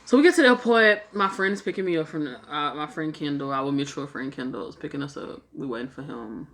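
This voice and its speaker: A young woman with a voice that sits low and a brisk delivery casually tells a travel story. She's animated, swears freely, and acts out what people said.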